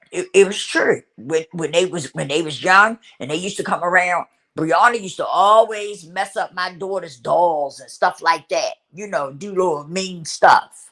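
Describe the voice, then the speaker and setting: A middle-aged woman talking casually into her own vlog, retelling a family story with animated back-and-forth and a habit of repeating "I said.". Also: fairly low pitch. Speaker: vlogger.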